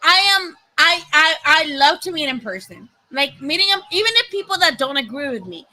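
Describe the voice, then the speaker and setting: A young woman streamer from Nayarit, Mexico, talking to her viewers in a loose, excitable way with plenty of swearing. Her voice sits high and sounds very bright and sharp. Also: a little fast, low-quality recording. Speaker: boxing commentary streamer. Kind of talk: casual livestream chat.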